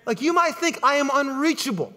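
High-voiced animated male preacher. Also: a little fast. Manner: animated, conversational, repeats words while building to points. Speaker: pastor. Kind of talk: sermon.

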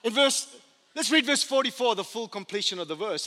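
A man preaching a sermon as pastor, telling the story with animated energy and humorous asides. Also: extremely high pitch, brisk. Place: church sanctuary. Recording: long church hall reverb.

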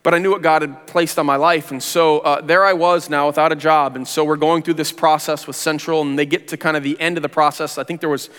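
A man's voice: a little high, fairly even intonation, fast, hardly any pauses, fairly bright tone, smooth. A man in his forties, a pastor, telling a personal testimony in an earnest, conversational way with casual slang, in a church sanctuary. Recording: long reverb of a large hall.

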